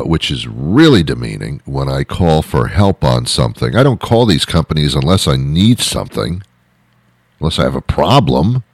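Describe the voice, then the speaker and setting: A man's voice: rumbling low, husky, no echo. A man delivering an exasperated, comic rant with lots of repetition and restarts. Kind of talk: ranting monologue.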